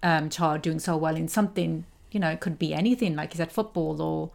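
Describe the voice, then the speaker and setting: A woman's voice: low-pitched, a little fast, gravelly. A middle-aged woman co-hosting a podcast in casual chat, agreeing often and adding tag questions. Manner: chatty, frequent agreeing "yeah"s and tag questions. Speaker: podcast co-host.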